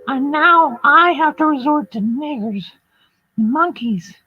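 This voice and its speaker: A woman's voice: high voice, lively intonation, unhurried, dry recording, voice pushed up. A woman putting on the voice of a ditzy, stammering woman she mocks, stumbling over repeated filler words. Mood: whiny babbling. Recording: dull lo-fi audio with music.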